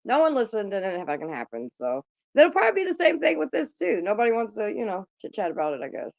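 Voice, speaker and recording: Casting: woman host, lively swooping voice, blunt and profane, casual chat, dry dull phone sound. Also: mid-range voice, quick pace, vocal fry, no echo. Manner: blunt and profane, chatting with viewers. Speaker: livestream host.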